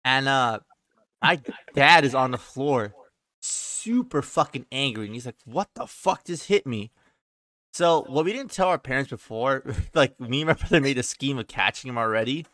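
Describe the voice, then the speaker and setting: A man's voice: medium pitch, lively intonation, moderate pace, sharp tone, dry recording. A young man telling a childhood story in a loose, profane way on a podcast, full of "like" and "he's like". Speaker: podcast co-host. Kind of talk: casual storytelling.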